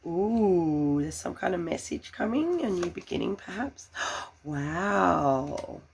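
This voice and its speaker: A woman giving a tarot reading, gushing and full of fillers, breaking into excited laughter. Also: fairly low pitch, slow pace, creaky, slight background noise. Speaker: tarot reader.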